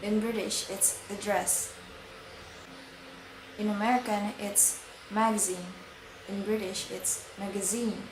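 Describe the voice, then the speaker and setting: A young woman student presenting pronunciation examples, slowly contrasting word pairs one after another. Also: mid-range voice, roomy sound, background noise. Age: young adult. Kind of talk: reading a class presentation.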